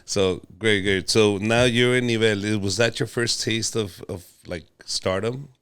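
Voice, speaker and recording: A man hosting a casual podcast interview, his voice low and smooth. He jokes, swears freely and slips between English and Spanish mid-sentence. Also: fairly even intonation, unhurried, a bit bright. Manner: joking, profane, switches between English and Spanish. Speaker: podcast host, comedian.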